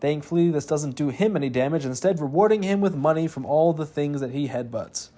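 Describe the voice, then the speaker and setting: A man's voice: on the high side, fairly quick, warm tone. A young man hosting a gaming video, narrating gameplay in a scripted, comedic way with wry asides. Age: young adult.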